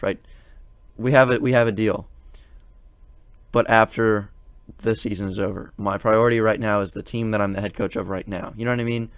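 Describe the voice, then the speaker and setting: A man's voice: on the low side, normal speed, smooth, dry recording. A man hosting a sports opinion channel, talking casually in a rambling way with many fillers and restarts, sounding exasperated. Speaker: sports commentary channel host.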